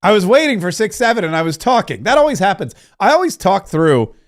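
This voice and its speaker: A man's voice: high-pitched, very animated, fairly quick. A middle-aged man hosting a casual livestream, rambling and joking as he reads out viewer comments. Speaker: livestream host.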